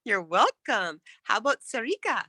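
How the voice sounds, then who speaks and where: A woman coaching speakers in an online workshop, encouraging them and demonstrating how to end sentences with a falling pitch. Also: big pitch swings, moderate pace, sharp tone, no echo.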